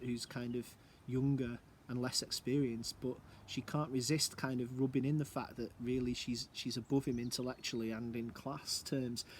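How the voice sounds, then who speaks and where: Casual male English teacher, mid pitch, chatty and musing, recorded at home with light background hiss. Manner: chatty, musing, asks rhetorical questions. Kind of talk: recorded lesson explaining a play.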